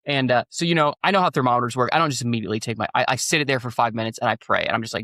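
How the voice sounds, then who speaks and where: Earnest man with a gravelly voice. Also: mid-range voice, very fast, bright, forceful tone, dry recording, studio quality. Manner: earnest, rambling storytelling with many fillers. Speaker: pastor and guest. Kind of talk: personal story on a podcast.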